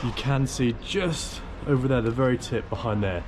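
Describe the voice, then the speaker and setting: A man's voice: medium pitch, moderate pace. A young man rambling chattily and mocking himself as he vlogs his travels around a town and from behind the wheel. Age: young adult. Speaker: travel vlogger. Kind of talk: casual travel vlog. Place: outdoors around a town and driving a car. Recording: noisy outdoor camera audio. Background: street ambience and vehicle noise.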